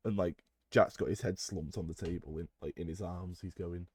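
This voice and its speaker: A young man co-hosting a podcast, telling school stories in an animated way with bursts of loud laughter. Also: sits low, normal speed, hardly any pauses, breathy edge. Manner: animated storyteller, loud when acting out a shouting teacher, laughs through lines. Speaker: podcast co-host. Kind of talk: casual storytelling.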